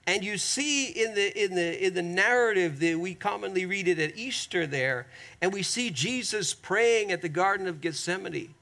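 High-voiced, gravelly pastor preaching earnestly. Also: male voice, pushed and bright. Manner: earnest, emphatic preaching with repeated appeals to the congregation; slows down sharply on key phrases. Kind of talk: sermon.

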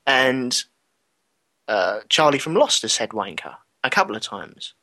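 A man's voice: medium pitch, sing-song, measured pace, sharp tone. A man, chatting casually as a co-host and teasing his partner with jokey disbelief. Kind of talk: casual chat.

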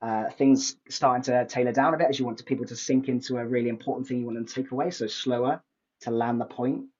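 A man hosting an interview podcast, speaking calmly as he sums up points and asks questions. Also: mid-range voice, fast talker. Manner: calm, summarizing, asks questions. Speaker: podcast host. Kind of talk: conversational interview. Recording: dull lo-fi mic.

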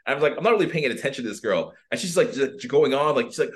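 Animated guy telling a story on a podcast, tons of "like"s, acts out little voices. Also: mid-range voice, very fast, hardly any pauses. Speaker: dating and personal development coach, guest. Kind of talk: casual storytelling.

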